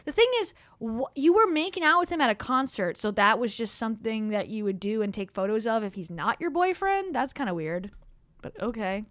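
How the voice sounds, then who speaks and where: A woman with a slightly high voice talks straight into a close desktop mic, sarcastic and chatty as she reacts to clips. The sound is dry, with no room echo. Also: sing-song, brisk, a bit bright. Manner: sarcastic, mocking, chatty asides. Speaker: streamer reacting to videos. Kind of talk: casual livestream reaction commentary. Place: home room. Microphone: desktop streaming mic.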